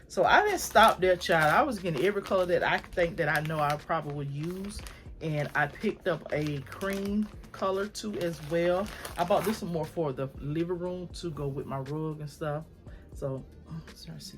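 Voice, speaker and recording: A woman vlogger chatting casually and effusively to her viewers at home while showing off home decor items. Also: deep voice. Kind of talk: casual haul chat to camera.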